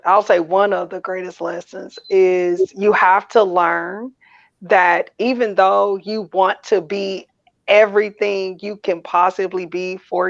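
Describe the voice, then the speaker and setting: A middle-aged woman, a mother speaking as a guest, answering thoughtfully and in a measured way. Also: mid-range voice, dry recording. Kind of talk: reflective conversation. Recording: dull dry lo-fi sound.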